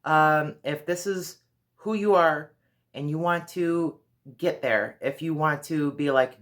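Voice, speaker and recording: A woman's voice: sits low, slow. A woman vlogger giving earnest, direct advice in a casual monologue.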